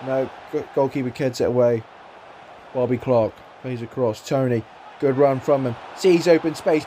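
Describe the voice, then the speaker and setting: A young man commentating his own football video game match, swinging between low muttering and excited shouts. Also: moderate pace, slight background noise. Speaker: gaming YouTuber.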